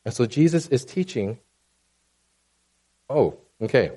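A man preaching a sermon in a conversational, animated way, often checking in with the congregation. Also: mid-range voice, slow. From Asian background.

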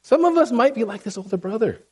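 Man, sermon, conversational preacher, lively pitch, checks in with listeners. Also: fast talker, breathy edge. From Asian background. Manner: conversational, animated, checks in with "right?" and "okay?".

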